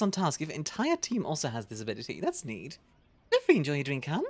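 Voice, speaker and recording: Low-pitched woman streamer with a very animated delivery, reacting to a strategy game over background music, with a cough here and there. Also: moderate pace. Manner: animated, reads game text aloud and reacts. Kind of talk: casual gameplay chat.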